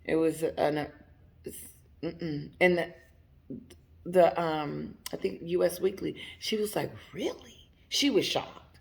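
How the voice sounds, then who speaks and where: Woman chatting commentary to her viewers, slow and emphatic, laughs a lot, bit of fry in the voice. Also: deep voice, fairly even intonation, a little mellow. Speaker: commentary channel host. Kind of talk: casual commentary.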